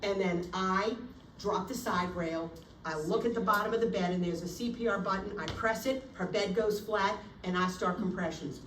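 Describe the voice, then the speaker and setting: A woman's voice: medium pitch, moderate pace. A woman nursing instructor lectures with theatrical flair and acts out scenes at the bedside. Her voice carries through an echoey room and comes from a distance. A faint hum of the room sits behind her. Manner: animated, theatrical, acts out scenarios. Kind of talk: classroom lecture. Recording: echoey room, recorded from afar.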